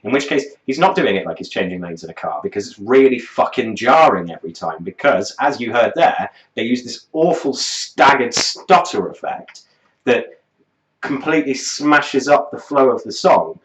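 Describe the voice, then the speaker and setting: A man's voice: medium pitch, animated, moderate pace. A man reviewing a song in a scornful, sardonic rant, swearing freely as he picks it apart. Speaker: music reviewer. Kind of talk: profane reaction commentary. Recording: roomy, dull lo-fi sound.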